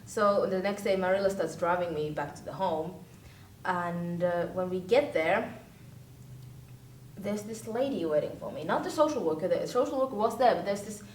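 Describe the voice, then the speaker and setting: A woman's voice: normal speed, a little mellow, close to an everyday voice. A young woman acting as an earnest teenage orphan girl, telling her story to a friend in a rambling, hesitant vlog style. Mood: wistful. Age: teens. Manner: rambling, hesitant, full of restarts and fillers. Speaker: actor in a vlog-style web series. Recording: roomy sound from a distant mic, faint rumble.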